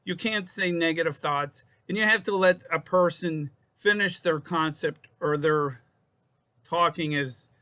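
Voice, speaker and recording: Bright-voiced man giving self-help advice. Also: on the high side, unhurried. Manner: rambling, repeats and restarts phrases, addresses viewers as folks. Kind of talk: casual self-help talk to camera.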